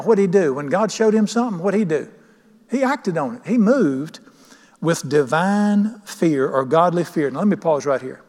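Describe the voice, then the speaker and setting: A man's voice: fairly high pitch, expressive, normal speed, darkish tone. A pastor preaching a sermon, emphatic and questioning his congregation. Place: church sanctuary. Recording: long church reverb.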